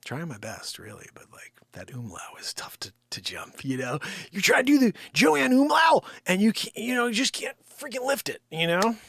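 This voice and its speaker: A man with a high, bright, gravelly voice rambles through an improvised comic monologue. His pitch swings widely as he bickers playfully with someone off-screen. Now and then he sinks into muttered, whispered asides. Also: very animated, fairly quick, few pauses, no echo. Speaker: live-stream host.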